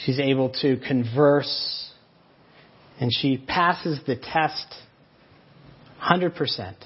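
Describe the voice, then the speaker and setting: A man's voice: medium pitch, slow pace, husky, muffled recording. A man preaching a sermon, earnestly explaining and retelling a story. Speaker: pastor.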